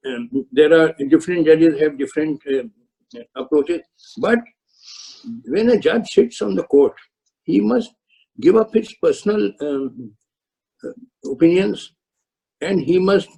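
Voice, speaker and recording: A man's voice: on the high side, unhurried, vocal fry, pauses often, dark tone, slightly rough, rough recording. An older man, a retired judge, firmly lecturing law students over a video call, with frequent uh and um. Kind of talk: webinar answers to student questions.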